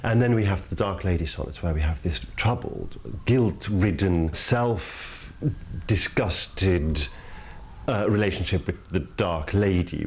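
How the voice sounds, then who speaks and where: A man hosting a podcast, giving earnest, emphatic commentary in measured phrases and repeating points for emphasis. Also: darkish tone. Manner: earnest, emphatic, with sudden rises in pitch on key words. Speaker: podcast host. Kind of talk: reflective spoken commentary on poetry.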